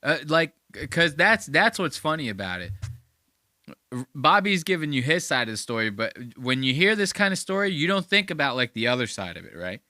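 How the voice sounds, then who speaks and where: A man hosting a podcast in casual commentary, excitable, slangy and profane. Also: on the high side, brisk, no room sound, studio quality. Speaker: podcast host.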